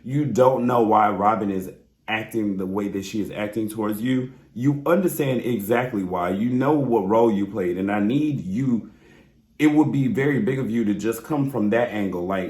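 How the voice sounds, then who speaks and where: In a roomy, echoey room, a man with a lowish, darkish voice speaks at normal speed. He gives a blunt, sassy recap of a reality show straight to his viewers, exasperated and swearing freely.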